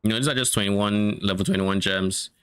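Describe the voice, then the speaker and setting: A man's voice: lowish voice, normal speed, a bit bright, clean tone. A man streaming a game, casually thinking aloud about loot and swearing now and then. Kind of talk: casual gameplay commentary.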